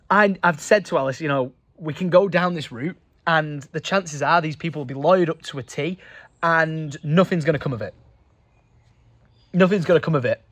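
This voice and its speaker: Young male vlogger, emotional and earnest, fairly high voice. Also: a bit bright, no room sound. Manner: emotional, earnest, with many fillers. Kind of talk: casual vlog talk to camera.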